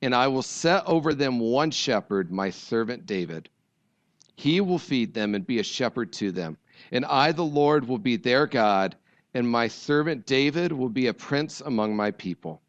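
A pastor from rural Ohio giving a sermon, praying, reading scripture and talking easily with the congregation. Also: male voice, mid-range voice, animated, moderate pace, muffled recording. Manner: conversational, jokes with the congregation.

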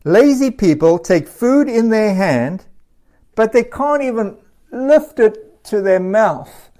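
A man with a slightly high voice delivers a sermon in an easy, conversational way. He tells stories and laughs now and then. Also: expressive, slow pace, warm tone. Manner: casual storytelling with laughs.

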